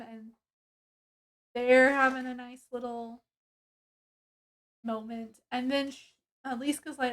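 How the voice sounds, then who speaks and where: A woman's voice: a little high, level tone, measured pace. A woman reviewing a book, casually retelling its plot in a rambling way with many fillers and restarts.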